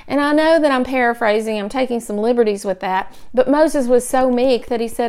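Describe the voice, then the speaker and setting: A woman's voice: a little high, fairly quick, hardly any pauses, darkish tone, smooth. A woman teaching a podcast Bible lesson in an earnest, explanatory tone.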